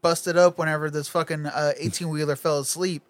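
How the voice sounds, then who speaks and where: A man's voice: on the high side, level tone, a little fast, dry recording. A young man telling a laid-back story in casual chat, laughing and swearing freely.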